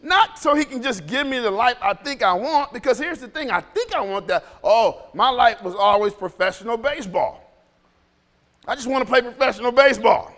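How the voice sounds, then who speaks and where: A man preaching a sermon in a church, animated and joking, often laughing as he talks. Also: very high-pitched, normal speed, in a large hall. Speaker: pastor.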